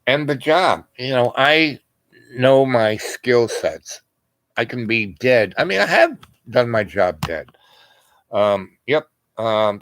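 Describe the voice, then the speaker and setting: A man's voice: mid-range voice, fairly bright tone, no echo, low-quality recording. A man telling a long story in a casual, rambling way, full of asides and fillers.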